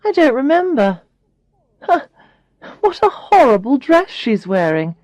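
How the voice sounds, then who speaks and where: Woman narrator putting on a haughty young woman, shrill, loud, mocking, bored, high and jumpy, dry close sound. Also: sing-song, unhurried, no room sound. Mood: scornful.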